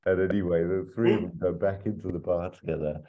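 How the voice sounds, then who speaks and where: A man's voice: low voice, steady tone, quick pace. A man casually talking through an imagined film plot as a podcast host, rambling with lots of ums and asides. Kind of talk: casual chat. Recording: dull, muffled audio.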